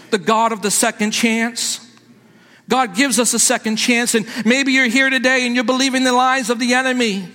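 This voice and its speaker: A man's voice: high-pitched, pushed and bright, big-room sound. A man preaching a sermon to his congregation in a church, emphatic, and calling out to them. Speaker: pastor. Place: church sanctuary.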